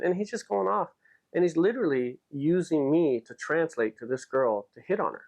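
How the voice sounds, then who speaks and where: A man's voice: a little high, animated, normal speed, gravelly, a little mellow. A man casually telling a story to camera, animatedly acting out the dialogue. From United States. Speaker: vlogger.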